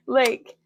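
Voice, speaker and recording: Woman host, casual crafting stream, gravelly tone, dry close sound, soft guitar behind. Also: high-pitched, no room sound. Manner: chatty, laughs often, coos baby talk at her cat. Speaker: jewelry maker hosting a livestream. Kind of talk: casual crafting livestream chat. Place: small home craft room.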